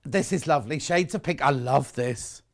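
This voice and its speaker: A man's voice: medium pitch, normal speed. A man presenting live shopping television, chatting and bantering with his co-workers. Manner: chatty, bantering, chuckling asides.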